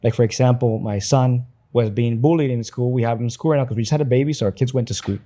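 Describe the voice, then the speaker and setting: A man's voice: medium pitch, fast, dark tone. A man in his thirties, a guest on a podcast, talking earnestly and reflectively about raising his kids. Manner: earnest, reflective, with fillers and restarts. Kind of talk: casual interview chat.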